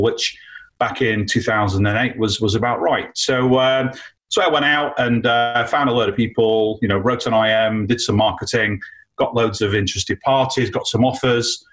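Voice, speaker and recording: A man, an entrepreneur guest, telling an animated story about his career in a casual, chatty way with frequent fillers. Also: on the low side, normal speed, poor audio. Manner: animated anecdote with many fillers.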